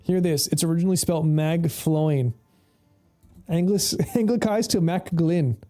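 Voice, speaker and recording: This streamer's voice is on the high side and dark in tone, and he speaks unhurriedly. His gameplay commentary is casual and rambling, full of swearing and frequent laughter, over faint background music.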